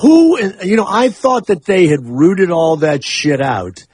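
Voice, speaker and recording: A man's voice: high voice, sing-song, slow pace, darkish tone, slightly rough, no echo. A man hosting a radio talk show, rambling and opinionated in casual chat. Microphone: studio microphone.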